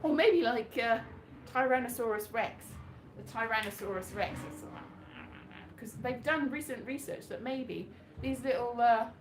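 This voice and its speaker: A woman's voice: on the high side, measured pace. A woman from Wales doing live stand-up with slides, in a rambling, chatty, self-mocking way. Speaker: stand-up comedian. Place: small venue. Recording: echoey live room.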